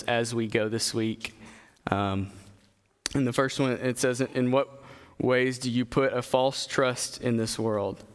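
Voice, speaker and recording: A man preaches to his congregation in an earnest, halting way, slipping in fillers and restarting phrases. He reads scripture aloud at a steady middle pitch. His voice rings out in a hall with a long reverb tail. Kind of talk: sermon with scripture reading.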